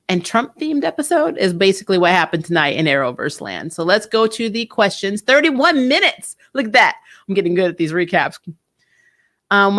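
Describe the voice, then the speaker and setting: A woman chatting through a TV episode review in a loose, animated way. She drops sarcastic asides and laughs often as she talks. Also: medium pitch. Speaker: TV show reviewer, channel host. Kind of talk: casual spoiler review chat.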